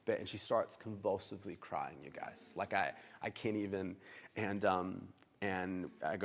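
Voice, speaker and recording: A man preaching as a pastor, telling stories in a chatty, animated way and acting out the dialogue. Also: deep voice, moderate pace, vocal fry, in a large hall. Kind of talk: sermon storytelling. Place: church hall.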